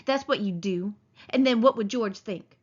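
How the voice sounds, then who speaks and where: A woman's voice: medium pitch, moderate pace, natural voice. A woman reading aloud, voicing a giant imaginary rabbit that is scornful and taunting, with a sneering manner. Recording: dull lo-fi recording.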